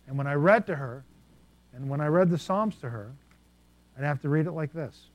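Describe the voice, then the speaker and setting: Animated male preacher telling stories. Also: a little high, moderate pace, lo-fi sound. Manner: animated, swings between soft asides and loud bursts. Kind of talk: sermon storytelling.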